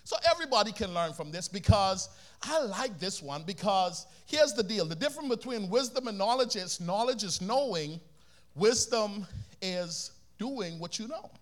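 A man's voice: high-pitched, moderate pace. A man from the Bahamas with a Bahamian accent, preaching a sermon energetically and calling on the congregation to repeat after him. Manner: energetic, calls for congregation responses.

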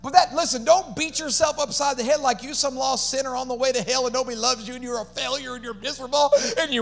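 A man with a high voice preaches an energetic sermon as the pastor. He calls on the congregation to answer and repeat after him, and breaks into casual, slangy asides. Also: quick pace, vocal fry, hardly any pauses. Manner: animated preaching with call-and-response to the congregation.

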